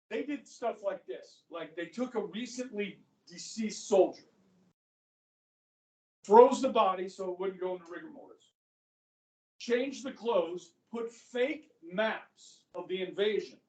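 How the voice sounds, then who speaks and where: A man teaching a history class, telling the story with lively, acted-out quotes. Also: high voice. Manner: animated storytelling, acts out quotes. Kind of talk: classroom lecture. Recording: echoey classroom, mic far off.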